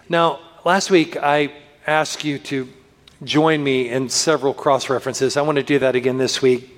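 A man pastor preaching a sermon, earnest and slowing down to lift his voice for scripture, recorded in a church. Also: medium pitch, fairly even intonation, a bit bright. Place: church sanctuary. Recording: long reverb of a church hall.

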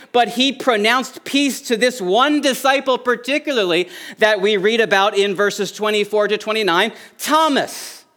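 A man's voice: high voice, pushed and bright. A middle-aged man preaching a sermon as pastor, earnest and lifting his voice on key phrases.

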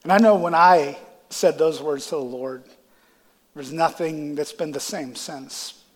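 A man's voice: fairly high pitch, a little slow, in a large hall. A male pastor delivering a sermon with a congested, stuffy voice, building to impassioned climaxes. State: congested sinuses. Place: church sanctuary.

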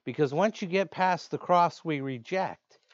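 A man preaching a sermon in an earnest way, slowing down to stress key words. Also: a little high, dry recording. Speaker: pastor. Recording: dull lo-fi dry sound.

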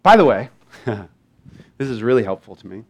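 A man's voice: fairly low pitch, unhurried. A man preaching a sermon in a conversational way, acting out small dialogues and reading scripture with feeling. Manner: conversational, animated, acts out little dialogues. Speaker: pastor.

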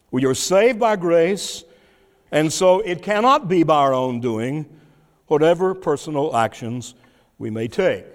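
A man preaching an expository sermon, teaching deliberately with occasional restarts and fillers. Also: on the high side. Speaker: pastor. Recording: long hall reverb.

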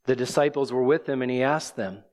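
A man's voice: medium pitch, fairly quick, darkish tone. Man preaching with rhetorical questions. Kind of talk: expository sermon.

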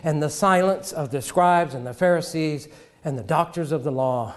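Dramatic male preacher, higher voice. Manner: dramatic pauses, sudden drops to a hush. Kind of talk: sermon.

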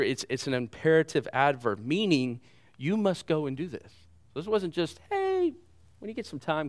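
A middle-aged man preaching a sermon as pastor, animated, with loud bursts and repeated words. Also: medium pitch.

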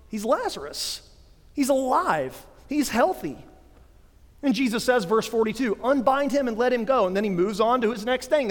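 Casting: male pastor in his thirties, high and bright voice, emphatic preaching, long church-hall reverb. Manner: emphatic preaching, swelling to forceful declarations. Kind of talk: sermon.

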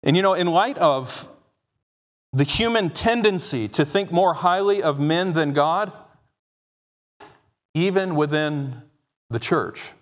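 High-voiced guy preaching hard, keeps saying "right?", big echoey hall. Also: animated, takes it slowly, pauses often. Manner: emphatic, dramatizes quoted speech, frequent "right?". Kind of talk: expository sermon. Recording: long hall reverb.

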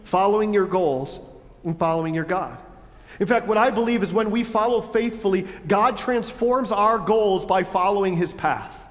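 High-voiced man preaching in a reverberant hall. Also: moderate pace. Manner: animated preaching, acting out God's voice and listeners' objections. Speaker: pastor. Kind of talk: sermon.

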